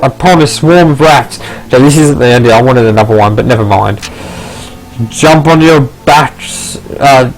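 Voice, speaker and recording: A man's voice: a little high, poor audio. A man playing a text game, reading the story aloud with casual asides. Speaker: gamer. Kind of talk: casual let's play narration.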